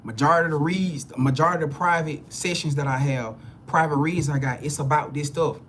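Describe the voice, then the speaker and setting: A man delivers a live spiritual reading to his viewers, blunt and preachy, cursing freely and repeating words or restarting phrases as he heats up for emphasis. His voice is fairly high and fairly bright, and he talks briskly. A little hiss or hum sits in the background.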